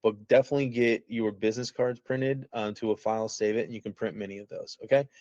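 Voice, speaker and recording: A man's voice: lowish voice, fairly even intonation, fast, darkish tone, dry recording, lo-fi sound. A man giving a casual, rambling walkthrough of his app over a video call. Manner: rambling, folksy, self-interrupting. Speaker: app founder. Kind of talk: casual screen-share walkthrough.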